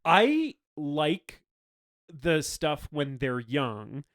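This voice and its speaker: Drawing out his words in a sing-song way, a man with a fairly high, fairly bright voice chats casually about films as a podcast co-host. He laughs a great deal while retelling scenes, acts out what characters say, and swears offhandedly.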